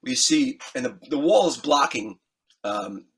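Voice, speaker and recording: A man being interviewed as a musician, telling an animated, excitable anecdote, acting out scenes and swearing freely. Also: medium pitch, a little slow, breathy edge. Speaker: guest musician.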